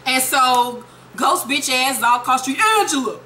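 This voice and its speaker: A young woman recapping a TV episode in a casual vlog, sassy, profane and animated. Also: sits high, normal speed, a little hiss or hum, low-quality recording. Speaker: TV show reviewer.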